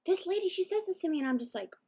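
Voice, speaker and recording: High-voiced teen girl ranting, twang. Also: very fast. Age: late teens. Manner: animated, indignant ranting with quoted retorts. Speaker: video journal vlogger. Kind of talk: casual ranting vlog.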